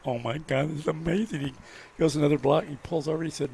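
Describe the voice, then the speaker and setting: A man's voice: on the high side, fairly quick, gravelly, a little hiss or hum. A man on a radio car show, telling a story casually and playing its characters, recorded at an outdoor car show. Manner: drawling storyteller who acts out the lines of his characters. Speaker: restaurant founder and radio guest.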